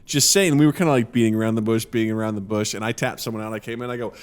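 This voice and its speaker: A man with a Missouri accent co-hosting a podcast, telling animated stories and laughing often. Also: fairly low pitch, very fast, smooth. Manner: animated storyteller, laughs often, acts out quotes. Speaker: podcast co-host. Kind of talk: casual chat.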